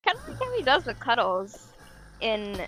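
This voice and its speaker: A woman's voice: a little high, wildly swooping pitch, normal speed, a bit bright, slight background noise. A woman chattily explaining her fan storyboard, giggly and full of restarts, on a dull lo-fi recording.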